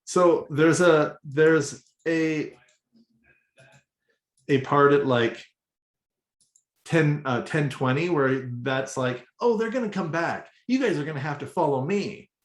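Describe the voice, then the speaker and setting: A man's voice: fairly high pitch, slow pace, long pauses. A man co-hosting a casual podcast, laughing often and quoting cartoon lines. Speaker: podcast co-host. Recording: roomy echo.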